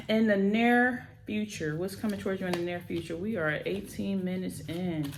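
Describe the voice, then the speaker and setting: A woman's voice: medium pitch, normal speed, background noise. A woman giving a tarot reading in an emphatic, encouraging way, repeating key phrases for emphasis. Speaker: tarot reader.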